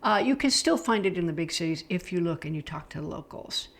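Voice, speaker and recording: A woman's voice: lowish voice, lively intonation, brisk, a bit bright. A middle-aged woman from the United States chatting casually about travel, enthusiastic and loose, with frequent fillers. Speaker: travel vlogger.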